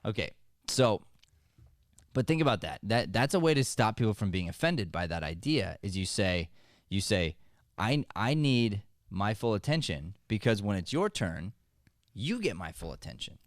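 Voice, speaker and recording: Energetic, joking male podcast host. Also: fairly low pitch, moderate pace, dry recording, clean studio sound. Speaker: acting coach and podcast host. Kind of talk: motivational podcast talk.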